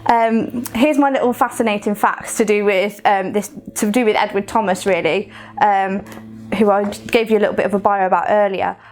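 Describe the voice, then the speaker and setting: A woman's voice: mid-range voice, steady tone, normal speed. A woman with a Coventry accent leading a recorded poetry lesson, explaining in a chatty way with fillers and restarts. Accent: Coventry English. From Coventry, England. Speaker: poetry workshop leader.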